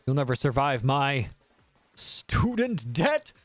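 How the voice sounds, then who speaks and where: A man's voice: mid-range voice, big pitch swings, slow, no echo. A man voicing a self-absorbed older chef hero in a hammy, half-failed Southern drawl, over faint game music. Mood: heroic.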